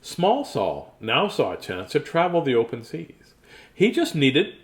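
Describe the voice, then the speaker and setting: A man's voice: a little high, huge pitch swings, a little slow. A man reading a children's picture book aloud. He laughs often and breaks off into chatty asides. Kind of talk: casual storybook reading.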